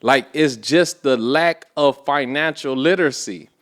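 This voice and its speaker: A man, a podcast guest, telling a story in a casual, animated way with profane street slang. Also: mid-range voice, a little slow.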